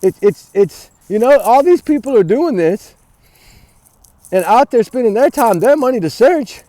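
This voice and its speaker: A man's voice: extremely high pitch, animated, normal speed, dark tone, no echo. A man vlogging outdoors on a cold morning, ranting heatedly with swearing and rambling, breaking off to call and scold his dog. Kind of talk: angry ranting vlog.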